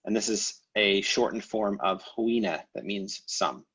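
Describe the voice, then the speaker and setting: A man teaching a language class over a video call, explaining grammar in a relaxed way with many fillers and restarts. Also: on the low side, measured pace, slightly rough. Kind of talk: online class lecture.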